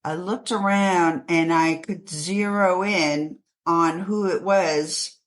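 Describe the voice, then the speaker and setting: A woman from New York City, an author being interviewed, telling her life story in a halting way with many restarts. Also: on the low side, steady tone.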